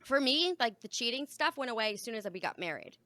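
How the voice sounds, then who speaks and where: A woman's voice: fairly high pitch, big pitch swings, fast, pushed and bright, dry recording. A young adult woman co-hosting a podcast, chatting casually and frankly and swearing freely. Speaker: podcast co-host. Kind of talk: casual chat.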